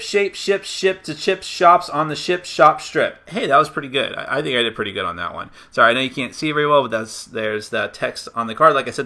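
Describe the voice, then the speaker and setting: A man's voice: medium pitch, sharp tone. A man casually walking through the rules of a party game, chatty and self-mocking. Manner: chatty, self-mocking, laughs at his own slips. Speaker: board game reviewer.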